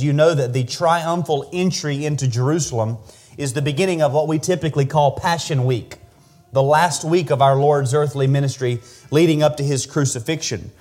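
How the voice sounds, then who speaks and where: A man's voice: on the high side, a little mellow. A man preaching an expository sermon as pastor, earnest and teaching verse by verse, often repeating a word as he restarts.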